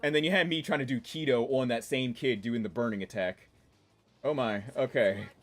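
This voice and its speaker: Speaking at normal speed with a medium-pitched voice, a man in his twenties from the Washington DC area reads chat during a casual game stream. His accent combines DC-area and New York features, and he's chatty, rambling, and quick to laugh.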